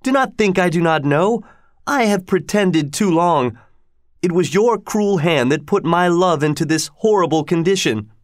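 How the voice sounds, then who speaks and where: A man voicing a young sorceress queen who pleads in a raised, drawn-out voice. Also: dry recording, studio quality, lightly acted. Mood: enraged. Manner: pleading, pitched high and drawn out. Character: grieving, then vengeful young sorceress queen.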